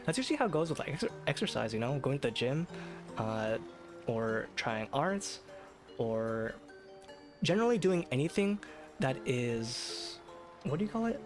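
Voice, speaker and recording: A man's voice: medium pitch, big pitch swings, normal speed, music in the background. A man streaming late at night, chatting casually in a rambling, self-deprecating way with lots of fillers and restarts. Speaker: VTuber streamer. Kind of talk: casual live-stream chat.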